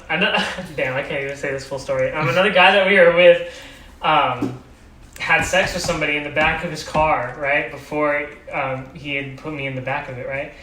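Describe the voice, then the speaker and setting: Young male podcast co-host, sharp-toned, off-mic in a roomy space, loose and swearing. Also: on the high side, steady tone, normal speed. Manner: rambling, laughing through the story, swearing. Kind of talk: casual chat, drunk story. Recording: echoey room, mic at a distance, faint background noise.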